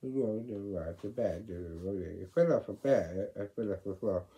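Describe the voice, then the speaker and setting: A man reading a children's picture story aloud, swinging from loud exclamations to whispered asides. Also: lowish voice, a little slow, low-quality recording.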